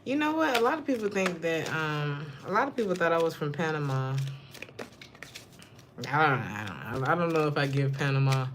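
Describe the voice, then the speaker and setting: A young adult woman giving a tarot reading as casual chat. She is a slangy, wandering storyteller who often breaks into high, laughing outbursts. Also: lively intonation, normal speed, background noise. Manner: slangy and digressive. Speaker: tarot reader.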